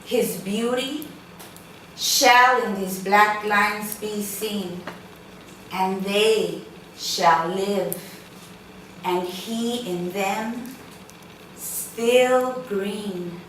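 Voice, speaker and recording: A woman acting student reciting a sonnet with slow, deliberate care. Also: medium pitch, a bit bright. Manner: slow, measured, deliberate delivery. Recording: roomy, distant mic, faint noise.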